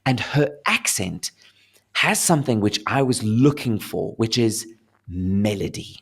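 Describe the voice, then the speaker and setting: A young adult man with a South African accent, an actor talking casually in an interview and telling lively stories. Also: on the low side, unhurried, vocal fry, breathy edge. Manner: animated storyteller, laughing, acting out voices.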